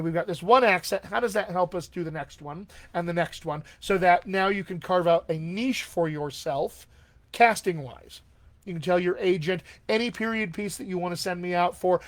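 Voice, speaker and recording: A man speaks in a slightly raised register as he hosts a casual live stream on acting technique. He talks in a friendly, encouraging way, often pausing on an "all right?" to check in with his viewers. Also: high-pitched. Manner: chatty, encouraging, tags lines with "all right?". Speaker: dialect coach hosting a live Q&A.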